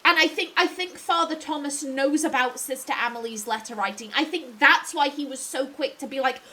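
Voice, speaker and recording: A woman's voice: sits high, moderate pace, few pauses, pushed and bright. A young English woman casually commentating as she plays a video game, chatty and full of theories. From England. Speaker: let's play streamer.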